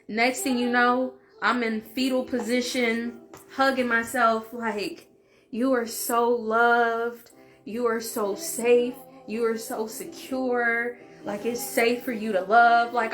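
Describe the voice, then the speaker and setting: A woman vlogger tells a personal story in a loose, chatty way, often saying "like". Her voice is mid-pitched and unremarkable in its height. Faint music plays softly behind her. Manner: chatty, open, fills speech with "like". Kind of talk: casual story time.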